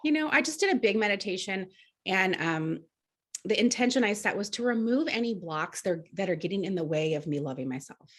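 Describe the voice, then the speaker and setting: A woman's voice: medium pitch, expressive, a little fast. A woman co-hosting a podcast, chatting casually about astrology and feelings in a talkative style with many "like"s and restarts. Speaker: podcast co-host.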